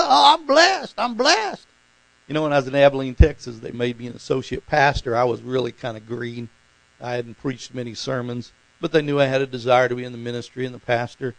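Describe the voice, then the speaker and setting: A man's voice: medium pitch, fairly even intonation, fairly quick, no echo, low-quality recording. A man preaching a conversational sermon as pastor, talking informally and putting questions to his congregation.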